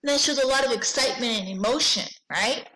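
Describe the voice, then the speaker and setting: A woman librarian giving a cheerful lesson to children, reading out example sentences slowly and with a teacherly lilt. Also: fairly high pitch, bright, forceful tone, poor audio. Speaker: school librarian.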